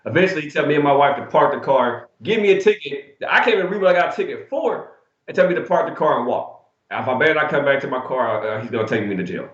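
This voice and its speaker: A man co-hosting a sports betting show, telling stories in a casual, animated, slangy way with plenty of swearing. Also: a little high, fast. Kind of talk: casual storytelling and betting talk. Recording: echoey room, dull lo-fi sound.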